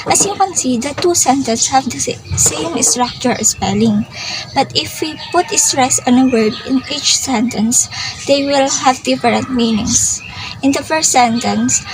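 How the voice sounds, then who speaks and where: A young woman student presenting to her class, brisk and explanatory, with small restarts. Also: high-pitched. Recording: home recording with clear background noise.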